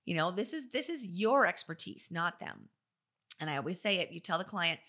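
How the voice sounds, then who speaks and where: A middle-aged woman, an interior designer and business owner, telling stories and giving advice in a chatty, animated way, often acting out what people said. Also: fairly low pitch, normal speed. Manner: chatty, animated storytelling with quoted voices. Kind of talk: casual advice talk.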